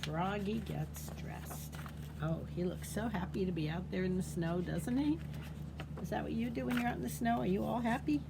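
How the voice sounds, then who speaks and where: A children's librarian reading picture books aloud at storytime, animated and asking the children questions. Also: female voice, mid-range voice, brisk, vocal fry, noisy background.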